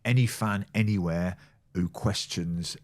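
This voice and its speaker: A man in his sixties with a very low, deep voice spins stories as a podcast guest. He slips into the voices of the people in his tales and laughs along as he goes. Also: unhurried, darkish tone. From England. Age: 60s. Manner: storyteller who acts out quoted people, laughing often. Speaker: guest, former football physio. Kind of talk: casual anecdotal chat.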